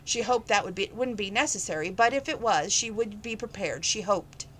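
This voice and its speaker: Woman reading a novel aloud, plain and steady. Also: medium pitch, moderate pace, slight background noise, low-quality recording. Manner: plain, with small slips and restarts. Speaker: reader. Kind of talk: casual read-aloud narration.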